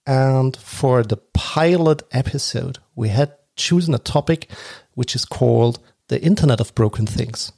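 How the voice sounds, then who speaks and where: A man's voice: medium pitch, unhurried, vocal fry, few pauses, darkish tone. A man with a German accent hosting a podcast, chatty and laughing as he introduces guests. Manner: chatty and laughing, with frequent restarts. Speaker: podcast host. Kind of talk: casual podcast chat.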